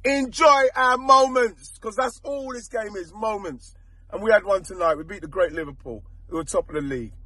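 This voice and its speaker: A man rants passionately as a football supporter, pleading with people to let fans enjoy the moment. His voice sits fairly high and has a husky edge. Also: moderate pace, sharp tone. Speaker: football fan in a played clip. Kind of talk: impassioned fan rant.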